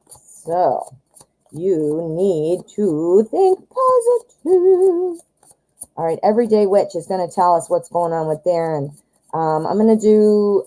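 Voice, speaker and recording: Hoarse-voiced American woman, chatty. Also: lowish voice, dark tone, rough recording. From United States. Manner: chatty, talks directly to viewers. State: voice going hoarse. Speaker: tarot reader host. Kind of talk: live-stream tarot reading.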